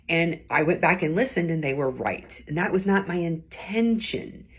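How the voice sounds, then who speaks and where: A woman with a low, husky voice hosts a weekly advice segment, teaching casually to camera. Her manner is conversational, and she acts out different tones in short quoted bits.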